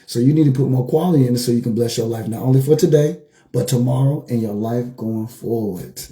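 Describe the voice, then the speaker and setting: A man giving a motivational livestream talk as a life coach, telling stories with animated energy and repeating his phrases for emphasis. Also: medium pitch, fairly quick, reverberant.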